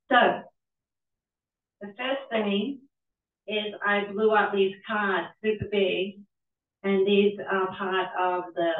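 A middle-aged woman from Britain with a Pittsburgh accent, gently guiding an audience through yoga practice at a reading. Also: medium pitch. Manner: gentle, inviting. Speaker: yoga teacher and author. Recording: echoey hall, far mic, tinny.

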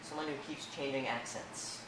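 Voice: mid-range voice, moderate pace. A host running a casual improv game at home, laid-back and laughing often. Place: living room at home. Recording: very echoey room with background noise.

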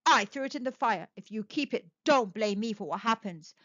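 A woman voicing a solemn old male soldier who speaks gruffly and gravely. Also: fairly high pitch, animated, moderate pace, fairly bright tone, no echo. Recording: dull dry recording.

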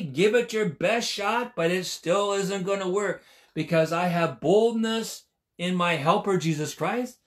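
Emphatic high-voiced preacher in his sixties. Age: 60s. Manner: emphatic, repeats key phrases for stress. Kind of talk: sermon.

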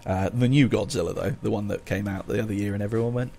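A man's voice: fairly low pitch, fast, vocal fry, dark tone. Chatty man hosting a podcast. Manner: chatty, rambling with many fillers. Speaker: podcast host. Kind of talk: casual chat.

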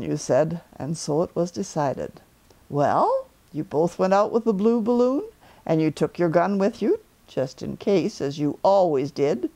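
An older woman reading a children's story aloud, her pitch rising and falling expressively. Her voice is mellow and warm, with a low, comfortable register. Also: sing-song, unhurried.

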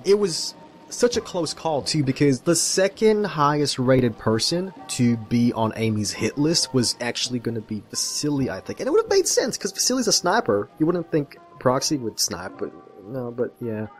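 A man giving excited casual commentary as he flips through a comic, gushing and swearing freely. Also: mid-range voice, moderate pace. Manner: animated and gushing, swears freely, mimics characters. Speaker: video creator reviewing a game comic. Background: faint background music.

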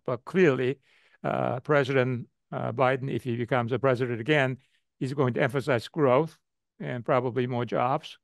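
A man's voice: medium pitch, no room sound. An older man, an economist, answering a question in a webinar, with lots of "uh" and "you know" fillers and repeated phrases. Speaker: economist guest speaker.

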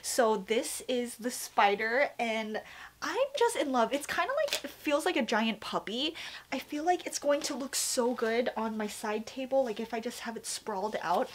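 A young woman with a slightly high voice gushes excitedly in a casual vlog chat. She talks in a rush of fillers and little exclamations, showing things off from her home. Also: moderate pace, a little hiss or hum. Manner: gushing, excitable, chatty with many fillers. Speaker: vlogger showing a shopping haul.

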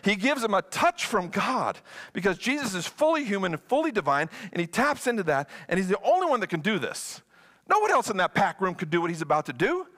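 Man, sermon, playful, bright, slightly high. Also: brisk. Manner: animated, playful preaching. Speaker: guest pastor.

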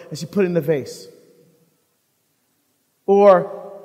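A deacon giving a live talk on marriage to an audience, telling animated stories and acting out the dialogue. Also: male voice, sits high, unhurried, long pauses. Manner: animated storyteller who acts out dialogue. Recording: long hall reverb.

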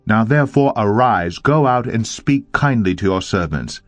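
A stern male army commander speaks in a forceful, reproachful way, as a narrator puts him on. The voice is a man's, low, over faint music. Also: animated, normal speed, no room sound, close to an everyday voice.

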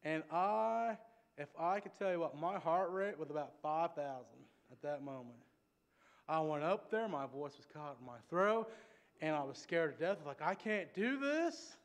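High-voiced man preaching animatedly. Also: moderate pace. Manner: animated storytelling, conversational with asides. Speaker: pastor. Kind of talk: sermon. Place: church sanctuary.

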